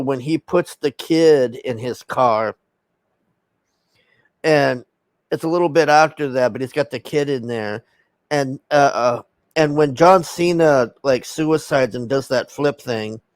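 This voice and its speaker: A man's voice: medium pitch, no echo. A man casually recapping a film's plot in a rambling, profane way, acting out the characters' lines. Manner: rambling and profane, with many fillers and acted-out quotes. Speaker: film reviewer.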